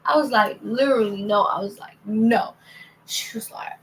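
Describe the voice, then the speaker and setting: A woman's voice: mid-range voice, normal speed, a bit bright, poor audio. A young woman casually telling a story to her viewers, acting out quoted dialogue and swearing freely. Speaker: vlogger.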